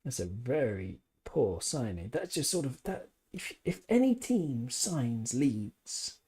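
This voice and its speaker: Man, podcast host, casual live-stream chat, rambling, opinionated, jokey, mellow, slightly husky. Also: mid-range voice, big pitch swings, takes it slowly.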